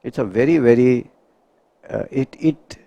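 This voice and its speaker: A middle-aged man, a homeopath giving a spiritual lecture to a live group, earnest and measured, often putting rhetorical questions to his listeners. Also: mid-range voice, gravelly, no echo, muffled recording.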